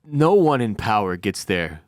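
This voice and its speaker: A man's voice: on the low side, sing-song, measured pace, no echo. Male co-host, dry studio mic, wry recap voice, jokey asides. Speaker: podcast co-host. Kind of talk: casual recap chat.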